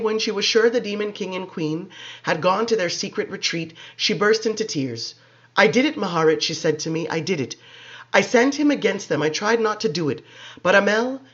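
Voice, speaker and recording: A man giving expressive, measured dramatic audiobook narration, on a dull lo-fi recording. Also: high-pitched.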